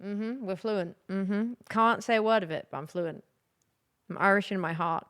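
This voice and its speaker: A woman's voice: medium pitch, moderate pace, a bit bright, clear, resonant tone, no room sound, studio quality. A young woman chatting casually on a live stream, rambling and giggly.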